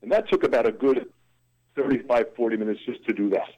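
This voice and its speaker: Guesting in an interview, a man who is a drummer and motivational speaker tells a story in an ebullient, dramatic way, his voice swinging widely. It is medium-pitched and quick, with lo-fi sound.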